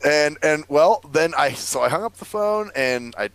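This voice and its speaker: A man's voice: fairly high pitch, expressive, normal speed, a bit bright, low-quality recording. A man rambling through a long story in casual chat, swearing freely and laughing often. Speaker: podcast co-host.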